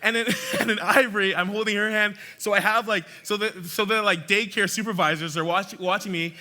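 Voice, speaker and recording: A young man telling a lively story with frequent restarts during a church talk. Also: sits high, fairly quick. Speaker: church speaker.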